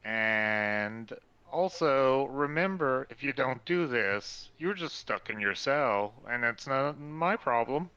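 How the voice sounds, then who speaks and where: A man's voice: medium pitch, lively intonation, takes it slowly, pushed and bright, smooth, highs cut off. A man speaking in character as a player in a tabletop game, bargaining in a casual, rambling way. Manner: bargaining, casual, filler-heavy. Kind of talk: in-character tabletop role-play.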